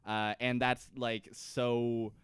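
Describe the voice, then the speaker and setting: Animated man retelling scenes. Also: medium pitch, drawn-out words, clean tone, no room sound, studio quality. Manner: animated retelling, acts out scenes, swears freely. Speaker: podcast co-host. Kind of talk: casual chat.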